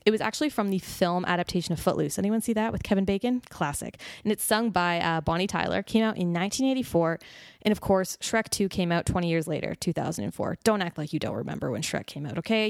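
A woman's voice: lowish voice, animated, fast talker, creaky, no room sound, clean studio sound. A woman hosting a podcast in casual, enthusiastic chat, full of fillers. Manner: chatty, enthusiastic, many fillers like "like" and "um". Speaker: podcast host.

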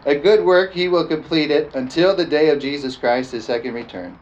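A man preaching a lively sermon, often calling out "amen?" and joking with the congregation. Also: a little high, a little fast. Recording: dull lo-fi sound with faint background noise.

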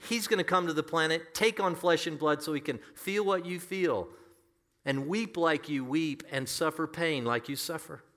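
A man preaching from the pulpit in a bright, forceful voice. He drives his points home earnestly and emphatically, sometimes repeating a phrase to press it. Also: fairly high pitch, normal speed. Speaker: pastor. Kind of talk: sermon.

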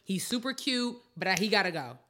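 A woman co-hosting a podcast, ranting in animated, exasperated casual chat. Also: mid-range voice, a little fast, noisy background. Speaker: podcast co-host.

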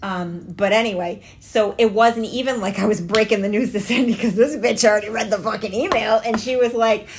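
A woman's voice: medium pitch, steady tone, brisk, few pauses, a little hiss or hum. Swearing woman cohost, casual chat. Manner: swears freely, laughs while telling stories. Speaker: podcast co-host and salon owner.

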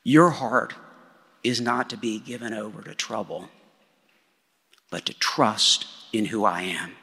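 A preacher voicing a calm, solemn male teacher who consoles his followers in a soft, reassuring way. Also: fairly low pitch, slow pace, breathy edge, pitched below the performer's own voice, full character voice. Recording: long hall reverb.

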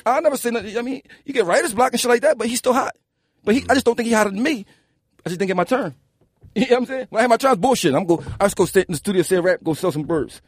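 Husky fast-talking Philly rapper, a man. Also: high-pitched, no echo, clean studio sound. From Philadelphia. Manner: animated, profane, keeps asking "you know what I'm saying". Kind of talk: casual interview storytelling.

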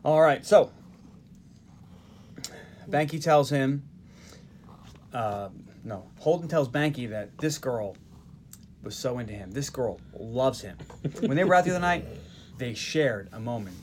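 Animated man recapping a movie. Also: medium pitch, slight background noise. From Northeastern United States. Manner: animated storytelling with quick asides and laughs. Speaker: podcast host. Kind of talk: casual movie recap chat.

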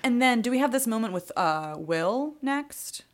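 A woman's voice: on the high side, animated, moderate pace. A woman co-hosting a podcast in casual chat, chatty and giggly, often acting out quotes. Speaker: podcast co-host.

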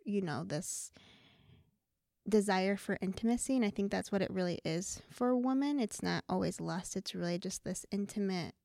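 An earnest young woman chatting casually, her voice carrying a strong gravelly fry. The recording is dry and close. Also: mid-range voice, moderate pace, darkish tone, no echo. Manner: earnest, chatty, lots of "like" and "you know". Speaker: co-host. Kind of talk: casual faith discussion.

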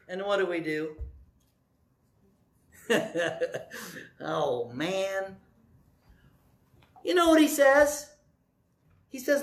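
Lively, joking male preacher. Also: very high-pitched, takes it slowly, long pauses. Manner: lively, conversational, joking asides; acts out scripture quotes with big swings in loudness. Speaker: pastor. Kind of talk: sermon.

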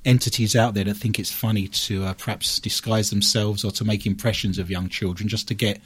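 Husky low man with a Cockney accent. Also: steady tone, fairly bright tone. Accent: East London Cockney. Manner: measured storytelling with asides. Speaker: paranormal investigator co-host. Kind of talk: casual radio chat.

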